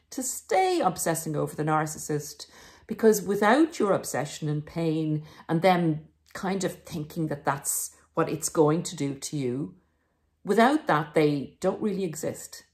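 A woman with a fairly low, darkish voice hosts a self-help podcast, delivering a monologue to her viewers. She speaks emphatically and encouragingly, addressing her listeners as "guys."

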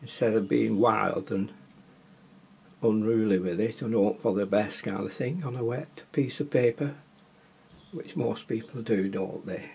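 With a mellow mid-range voice touched by vocal fry, a man from Wigan, Lancashire, chats his way through a watercolour painting lesson in his Wigan accent. He frequently asks viewers questions and mutters to himself as he works, over slight background noise.

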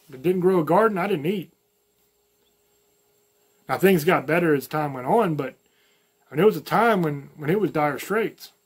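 A man's voice: fairly high pitch, breathy edge. A man from the American South with a light Southern accent, giving a blunt, folksy opinion monologue as a channel host, full of slang and profanity. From American South, mountains.

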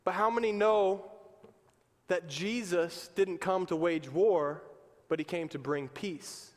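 High-voiced preaching man in a reverberant church. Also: takes it slowly. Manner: emphatic, conversational preaching. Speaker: pastor. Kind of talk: sermon. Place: church sanctuary. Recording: long reverb of a church hall.

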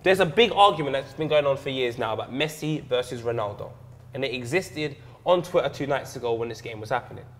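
A man's voice: medium pitch, animated, quick pace. A young man co-hosting a casual chat, upbeat and chatty as he asks viewers to comment. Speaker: co-host.

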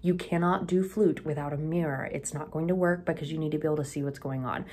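Low-voiced woman band teacher. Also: steady tone, quick pace, a little mellow. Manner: patient, step-by-step, checks in with "okay?". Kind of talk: instructional video lesson. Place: school room with a class rehearsing nearby. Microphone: camera mic, leans closer at times.

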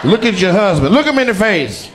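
High-pitched and very animated, a male stand-up comedian talks fairly quickly over a noisy background. He roasts audience members with profane, brash teasing, and the live crowd at the comedy venue laughs and cheers.

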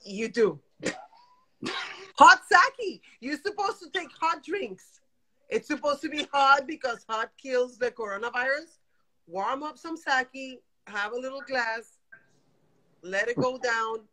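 A woman in her forties, calling into a live video chat, emotional and animated as she vents and laughs. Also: sits high, unhurried. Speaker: guest caller on a live stream.

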